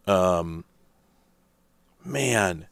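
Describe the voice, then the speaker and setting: A man's voice: low-pitched, expressive, very slow, gravelly, dry recording. A man hosting a casual let's-play, rambling and thinking aloud with lots of fillers as he plays. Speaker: host.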